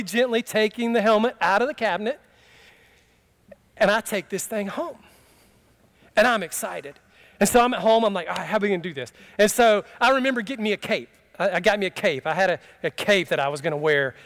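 A pastor with a high voice and a fairly bright tone preaches conversationally and with humor, telling a story from his own life and putting questions to the congregation.

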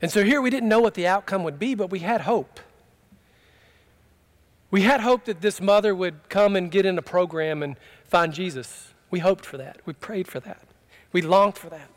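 High-voiced preaching man. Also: moderate pace. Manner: impassioned preaching, rising to emphatic cries then dropping low. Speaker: pastor. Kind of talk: sermon.

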